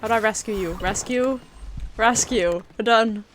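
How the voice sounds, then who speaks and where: A woman's voice: fairly high pitch, normal speed, a little hiss or hum. Exasperated swearing British woman streamer. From Britain. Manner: exasperated, swearing, muttering under her breath. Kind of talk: casual gameplay commentary.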